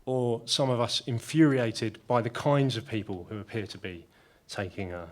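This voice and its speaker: Careful, measured man on a panel. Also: medium pitch, expressive, darkish tone. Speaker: panel speaker. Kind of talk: panel debate remarks.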